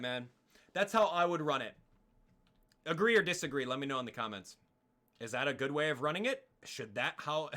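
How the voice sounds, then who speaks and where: Animated, exasperated young man ranting. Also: on the high side. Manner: heated, exasperated, talks to chat. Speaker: streamer reacting live. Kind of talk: casual live-stream rant.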